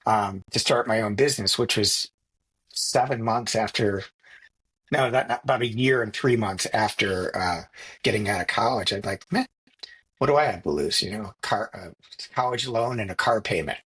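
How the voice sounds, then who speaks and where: A middle-aged man co-hosting a podcast, telling stories in a relaxed, reflective way with frequent restarts. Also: lowish voice, moderate pace, slightly rough. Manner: reflective storytelling with many restarts and fillers. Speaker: podcast co-host. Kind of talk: casual conversation.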